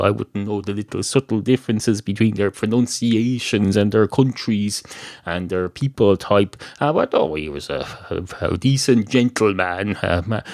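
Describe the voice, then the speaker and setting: An Irish man hosting a podcast, delivering a meandering, deadpan comic monologue full of self-corrections. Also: mid-range voice, no echo, clean studio sound. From Ireland. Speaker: podcast host.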